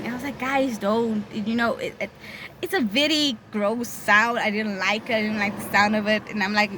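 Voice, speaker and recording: A woman's voice: mid-range voice, noisy background. A young woman tells a personal story in a candid, conversational way. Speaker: vlogger.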